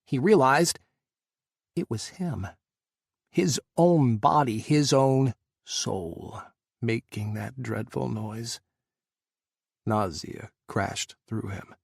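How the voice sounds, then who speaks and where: Gravelly male audiobook narrator. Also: medium pitch, extremely slow, pauses often, dry recording, studio quality.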